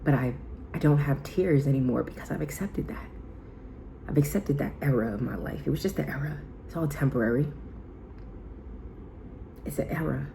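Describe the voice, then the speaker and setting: A woman vlogger giving a heartfelt self-help talk in a soft, intimate, casual way, often slipping into whispers. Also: a bass voice, creaky, a little hiss or hum, rough recording.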